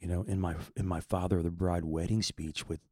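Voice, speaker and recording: Earnest low-voiced man in his fifties. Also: level tone, fairly quick, warm tone, no room sound, clean studio sound. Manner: earnest, rambling, repeats words while searching. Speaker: podcast host. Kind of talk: personal faith talk.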